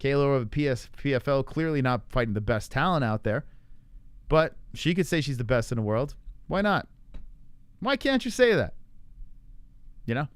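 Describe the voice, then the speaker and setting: A man's voice: medium pitch, a little fast, clear, resonant tone, no echo. A man hosting a casual live stream, reading viewer comments and rambling loosely with lots of fillers and swearing. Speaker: livestream MMA show host. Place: home in Arizona.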